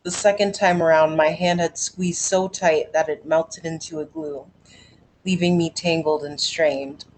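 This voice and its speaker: A woman with a lowish voice reads her poem slowly and deliberately, lingering over each line. Her delivery is calm and measured. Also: rough recording. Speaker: performer at an open mic. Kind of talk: reading a poem aloud.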